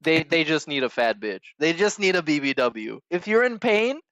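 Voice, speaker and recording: Mocking man with a lively voice. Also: on the high side, normal speed, dry recording. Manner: mocking, sarcastic, crude. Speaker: podcast host reacting to stream clips. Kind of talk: reaction commentary.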